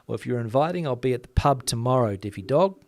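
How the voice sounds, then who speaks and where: A man from Western Australia with a softened Australian accent, hosting a casual chat, reading out viewer comments and talking quickly with lots of fillers. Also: medium pitch, lively intonation, dry recording. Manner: chatty, many fillers, talks fast. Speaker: channel host.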